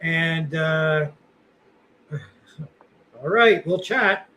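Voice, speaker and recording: Middle-aged guy rambling on a podcast, kinda high voice, faint hiss behind. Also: drawn-out words, sharp tone, poor audio. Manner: rambling, self-deprecating, many fillers. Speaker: podcast co-host. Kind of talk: casual chat.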